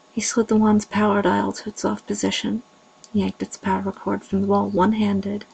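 Slow, gravelly, breathy woman narrator. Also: medium pitch, a little mellow, poor audio. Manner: slow, breathy delivery, dropping to whispers. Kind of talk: erotic story reading.

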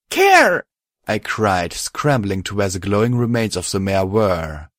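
Man, low voice, steady storyteller, dry close sound. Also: no room sound. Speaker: narrator. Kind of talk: first-person fan fiction narration.

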